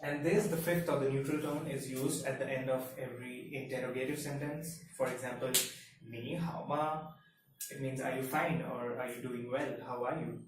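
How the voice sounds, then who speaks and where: A man whose first language is Hindi, teaching a Mandarin lesson in a measured, step-by-step way. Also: mid-range voice, steady tone. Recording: very echoey room, mic far off, faint hiss.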